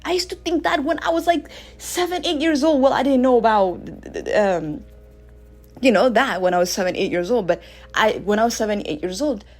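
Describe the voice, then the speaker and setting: A woman in her thirties hosting a radio show, talking through a casual spiritual monologue with animated swings between loud bursts and soft asides. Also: a little high, normal speed, faint music behind. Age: 30s.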